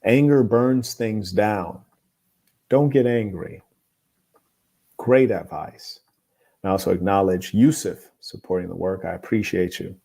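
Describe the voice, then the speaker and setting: Calm, preachy male advice host. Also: lowish voice, measured pace, gravelly, long pauses. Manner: calm, preachy and moralizing, blunt opinions. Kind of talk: relationship advice commentary, reading viewer letters.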